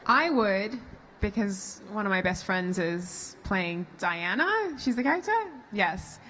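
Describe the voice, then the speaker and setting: A woman's voice: medium pitch, animated, unhurried, slight background noise, rough recording. A woman in her twenties with an Australian accent, an actress answering fan questions in a chatty way. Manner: warm, chatty, many fillers. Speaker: actress on a convention panel. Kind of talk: casual panel Q&A. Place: convention hall on stage.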